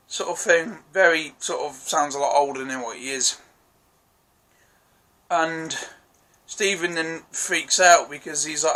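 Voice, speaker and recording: A man talks through a TV episode in a loose, chatty review, recapping scenes and apologising as he goes. His voice is bright and forceful, and sits a little high. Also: unhurried. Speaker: TV show reviewer. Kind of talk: casual spoken review.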